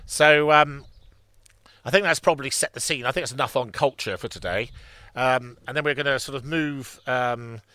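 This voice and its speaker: A man's voice: mid-range voice, normal speed, bright, forceful tone, clear, resonant tone, no echo. A man co-hosting a history podcast, chatting casually and rambling with many restarts and fillers. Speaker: podcast co-host.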